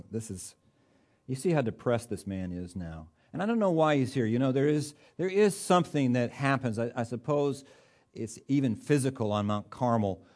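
Folksy, mellow-voiced male preacher. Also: mid-range voice, lively intonation, normal speed. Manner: conversational, folksy humor with rising emphatic bursts. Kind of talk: sermon.

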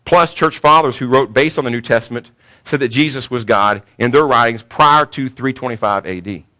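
A man's voice: medium pitch, brisk, sharp tone. A man preaching a sermon to a congregation, emphatic, repeating key points and asking rhetorical questions. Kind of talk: sermon teaching.

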